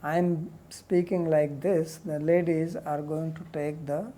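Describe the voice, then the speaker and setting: A woman teaching a lecture on a Sanskrit commentary, reading verses quickly and then explaining them in plain, conversational English. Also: deep voice, steady tone, dark tone. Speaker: teacher of scripture.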